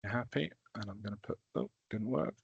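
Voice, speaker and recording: A man leading a recorded training session, walking through teaching software step by step in a casual, self-deprecating way. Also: fairly low pitch, normal speed, gravelly, breathy edge, dry recording, muffled recording.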